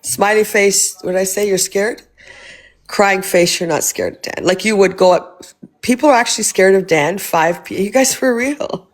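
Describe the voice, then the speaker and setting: A woman's voice: mid-range voice, normal speed. A woman hosting a casual livestream, blunt and swearing freely as she asks rhetorical questions. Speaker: livestream host.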